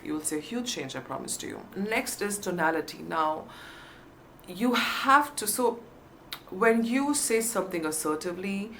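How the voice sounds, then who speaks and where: A woman's voice: fairly low pitch, expressive, moderate pace, fairly bright tone, slight background noise. Emphatic woman coaching. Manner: emphatic, stresses key words, upbeat encouragement. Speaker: interview coach. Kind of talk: teaching to camera.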